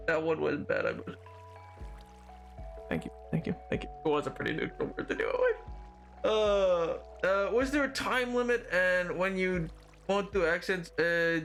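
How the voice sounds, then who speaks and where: A man chats on his live stream in a rambling, excitable way, full of fillers and restarts. His voice sits high and swings widely in pitch, while his delivery stays unhurried. Faint music plays underneath. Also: creaky. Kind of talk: casual live-stream chat.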